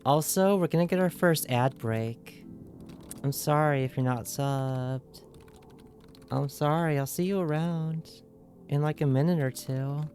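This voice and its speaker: A woman's voice: deep voice, a little slow, dark tone. A woman streaming a video game, reading its text aloud in a loose put-on accent and joking with her viewers in a playful, giggly way. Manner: puts on a loose, inconsistent accent. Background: faint game music.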